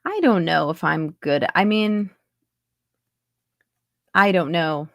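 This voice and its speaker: A woman's voice: on the low side, takes it slowly, creaky, dry recording, highs cut off. A woman accent coach chatting casually in an interview over a video call, talking with lots of fillers and restarts. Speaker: accent and dialect coach, guest. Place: home in Montreal, on a video call.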